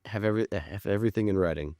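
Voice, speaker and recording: A man's voice: on the low side, rapid-fire, dark tone, dry recording. A man in casual chat as a film producer guest, telling stories animatedly, acting out quoted lines and swearing casually.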